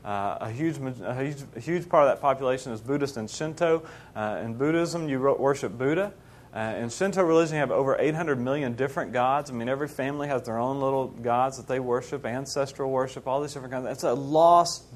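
Animated man telling a mission story. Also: mid-range voice, a little fast. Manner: animated, acts out quoted voices. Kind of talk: sermon storytelling.

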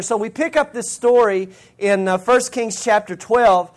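A man's voice: high-pitched, a little slow. A man preaching a sermon, retelling scripture in casual everyday slang. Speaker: pastor.

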